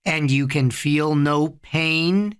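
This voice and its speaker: A reader voicing a furious, panicking older boy who yells in a high, tinny voice in a storybook reading. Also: takes it slowly, smooth, natural voice. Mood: cold hypnotic. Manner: shrill yelling.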